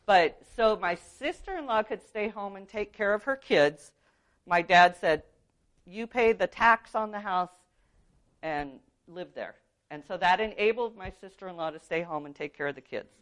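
A woman's voice: medium pitch, lively intonation, moderate pace, a bit bright. A middle-aged woman from California teaching biblical counseling, talking earnestly and conversationally as she shares a personal story. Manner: earnest, conversational, frequent "um" and "right?". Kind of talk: teaching talk with personal testimony.

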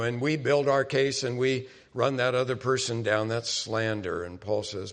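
A male pastor explaining scripture to his congregation in an easy, conversational way, with a voice pitched at an ordinary middle level. He pops quoted lines out loudly and then drops back to a low murmur. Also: steady tone, a little slow. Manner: conversational teaching, dramatizes quotes with sudden loud bursts. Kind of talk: sermon.

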